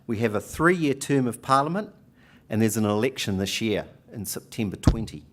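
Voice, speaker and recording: A man's voice: fairly low pitch, expressive, normal speed. Joking New Zealand man giving a speech. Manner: jokey, leads the audience in call-and-response. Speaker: union speaker. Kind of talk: conference speech with audience participation. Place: conference hall.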